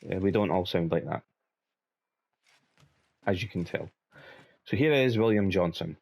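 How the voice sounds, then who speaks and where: A Scottish man commenting casually over his game. His voice is very low, and he rambles through his asides. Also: lively intonation, a little slow, creaky, a little mellow. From Scotland. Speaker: let's play host.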